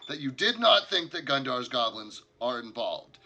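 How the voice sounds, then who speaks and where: A man voicing an exasperated male camp boss who is overwhelmed and strains his voice higher and louder as he pleads. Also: sing-song, normal speed, exaggerated voice. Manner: pleading, strained, growing loud.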